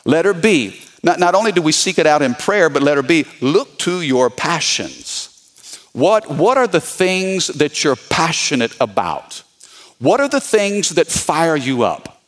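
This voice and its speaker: A male pastor delivers his sermon in a somewhat high voice that swings widely up and down. He drives his points home with repetition and calls out to the congregation for a response. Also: big pitch swings, unhurried, fairly bright tone. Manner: emphatic, repeats key points.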